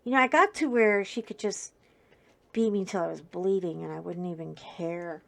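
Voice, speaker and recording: A woman telling a story at home while she crafts, casual and wry. She swings from low asides to sudden loud, animated bursts. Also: normal speed, vocal fry. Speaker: craft video host.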